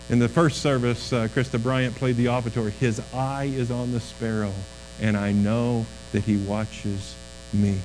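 A man preaching a sermon as a pastor, earnest, his voice dropping low and quiet on key lines. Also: slight background noise, poor audio.

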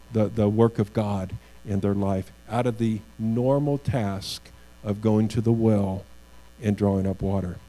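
A man's voice: lowish voice, mellow, poor audio. A man preaching a sermon as a pastor, earnest, with restarts and rising emphasis on key phrases.

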